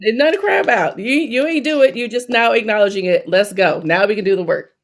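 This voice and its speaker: Woman guest, equity strategist, plain mid-pitched voice, emphatic and conversational. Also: expressive, heavy background noise. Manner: emphatic, colloquial, quick asides. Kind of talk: casual interview talk.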